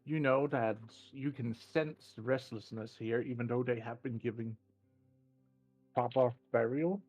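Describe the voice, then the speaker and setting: Male game master, unhurried, vivid scene narration, restarts his words often. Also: mid-range voice, darkish tone, faint music behind. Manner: deliberate, descriptive, with frequent restarts.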